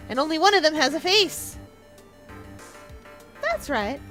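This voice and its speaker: High-voiced Canadian woman streamer, rambling and jokey. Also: a bit bright, faint music behind. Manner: rambling, jokey, quick asides. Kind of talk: casual game-stream chat.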